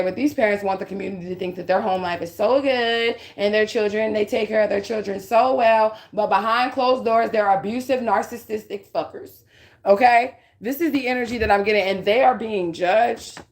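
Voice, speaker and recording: A woman's voice: mid-range voice, moderate pace. A woman giving a casual spiritual reading, talking bluntly with lots of swearing and a repeated "okay?" to her listeners. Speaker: psychic reader.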